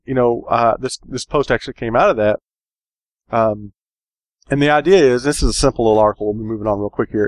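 Chatting casually on a podcast he co-hosts, a man jokes around and rambles, filling his speech with fillers in a relaxed way. His voice is mid-range, and the recording is dry.

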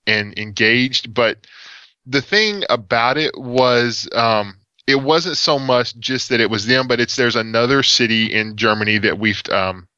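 A man's voice: medium pitch, a little slow, sharp tone, clear, resonant tone, no echo, lo-fi sound. A man with an East Texas accent chatting casually about tech, rambling with lots of fillers and restarts. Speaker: podcast co-host.

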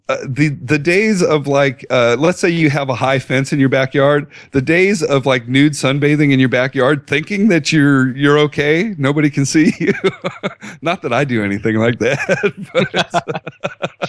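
A man's voice: a little high, measured pace, no room sound, studio quality. A man co-hosting a tech podcast, explaining in a rambling, chatty way with frequent restarts and chuckles. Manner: rambling, self-correcting, chuckling. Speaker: podcast co-host. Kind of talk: casual chat.

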